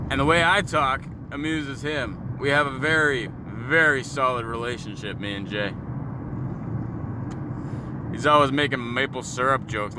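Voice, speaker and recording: A Canadian man in his thirties from Ontario, ranting and joking crudely, with lots of swearing. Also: medium pitch. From Sault Ste. Marie, Ontario, Canada. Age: 30s. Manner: crude, mocking, joking with profanity. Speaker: vlogger. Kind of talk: profane ranting monologue. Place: in a moving car. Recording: road noise from a car.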